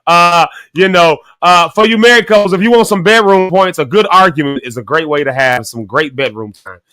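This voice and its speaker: Bright, playful male show host. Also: fairly high pitch, brisk, clean tone, dry recording. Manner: laughs often, playful. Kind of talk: casual chat.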